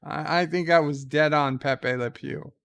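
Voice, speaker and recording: A man's voice: fairly high pitch, steady tone, unhurried, gravelly, a bit bright, clear, resonant tone. A man hosting a casual livestream, answering viewer letters in a hesitant, joking way, full of "uh" and restarts. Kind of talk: casual live-stream chat.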